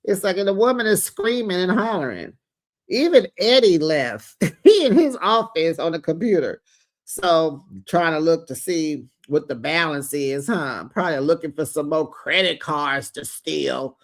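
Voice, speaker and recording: A host giving a casual recap of a reality show, chatty, with quick teasing asides, laughing often and acting out what people said. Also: mid-range voice, animated.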